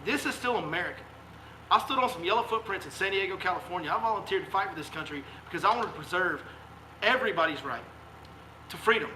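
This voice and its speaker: A man's voice: sits high, animated, fast, sharp tone, a little hiss or hum. A man, a fishing guide hosting a live stream, delivering a fiery, emphatic rant full of repeated rhetorical questions. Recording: echoey room sound.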